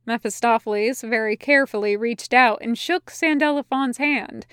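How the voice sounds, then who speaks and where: A woman's voice: on the high side, moderate pace, a bit bright, clear, resonant tone, no echo, clean studio sound. A young woman reading fan fiction aloud, then chatting casually and gushing about the story. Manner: gushing, with fillers in the afterword. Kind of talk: storybook narration, then casual afterword chat.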